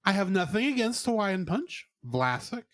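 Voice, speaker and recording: A man co-hosting a podcast, giving an animated, sarcastic movie review in casual chat. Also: high-pitched, normal speed, no room sound, studio quality. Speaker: podcast co-host.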